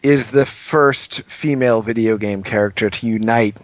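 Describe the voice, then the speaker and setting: A man's voice: on the low side, normal speed, no room sound. A man co-hosting a gaming podcast, playful and upbeat, asking a lot of questions in casual chat. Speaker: podcast co-host.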